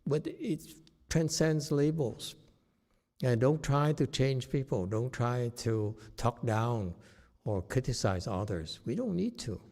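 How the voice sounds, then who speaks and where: A man whose first language is Chinese, giving a slow, plain-spoken dharma talk as a meditation teacher, often checking in with "okay?". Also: mid-range voice, expressive, gravelly, a little mellow. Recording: long hall reverb.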